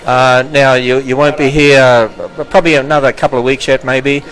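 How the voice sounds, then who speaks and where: A man's voice: medium pitch, level tone, brisk, fairly bright tone, rough recording. Australian man, joking host of a live shop walkthrough. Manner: playful, joking, stumbles over names. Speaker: host, ministry president. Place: gift shop under a large exhibit.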